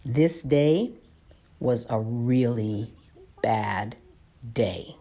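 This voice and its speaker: Low-voiced woman telling her own story. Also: animated, mellow. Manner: measured and plain-spoken, clears her throat often. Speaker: vlogger sharing her illness journey. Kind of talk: personal narration and candid conversation.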